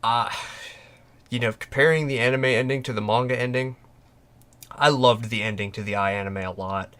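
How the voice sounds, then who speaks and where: A man's voice: medium pitch, fairly even intonation, moderate pace, fairly bright tone, smooth. A man hosting a casual fan podcast, talking passionately and emphatically, often restarting and acting out quoted lines. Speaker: podcast host. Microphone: podcast microphone.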